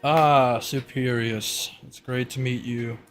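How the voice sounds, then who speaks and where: A man voicing a smooth, scheming male official who reassures. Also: medium pitch, fairly even intonation, takes it slowly, faint music behind, close to an everyday voice. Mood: reassuring.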